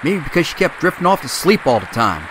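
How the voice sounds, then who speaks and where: A man doing an impression of a loud, brash male senator from a northeastern city. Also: fairly high pitch, big pitch swings, brisk, crowd noise, noisy background. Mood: sarcastic.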